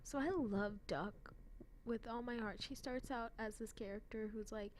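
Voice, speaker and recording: A woman's voice: fairly high pitch, moderate pace, a little hiss or hum. A young woman chatting casually about an anime she loves, rambling with many fillers and frequent self-deprecating giggles. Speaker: anime fan vlogger.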